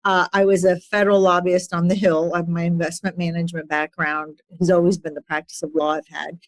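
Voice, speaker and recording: Woman, 40s, podcast guest coach; earnest, grows animated in anecdotes; lowish voice, dry mic. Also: brisk, no room sound. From immigrant to the United States. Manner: earnest, animated when retelling stories. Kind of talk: podcast interview, storytelling.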